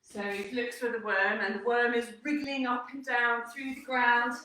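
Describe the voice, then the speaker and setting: A young woman leading a children's workout, telling a story with upbeat, animated encouragement. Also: a little high, moderate pace, background noise. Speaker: kids' fitness instructor. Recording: echoey room, distant mic.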